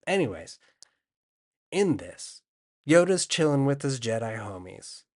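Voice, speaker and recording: A man's voice: mid-range voice, very animated, measured pace, a little mellow. A young man telling a comedic recap in a casual, rambling, slangy way, quoting characters offhandedly.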